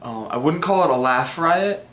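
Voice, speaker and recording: A man's voice: fairly high pitch, expressive, moderate pace, a bit bright. A young man hosting a film vlog, reviewing a classic movie in a rambling, chatty way with many fillers. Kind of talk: casual movie review monologue. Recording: roomy echo.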